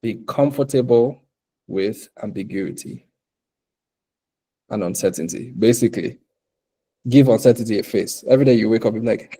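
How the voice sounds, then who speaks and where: Animated man with a mellow, dark voice. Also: lowish voice, moderate pace, long pauses, breathy edge. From Africa. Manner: animated, laughs often, acts out quotes. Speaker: bootcamp speaker. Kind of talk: motivational talk to entrepreneurs.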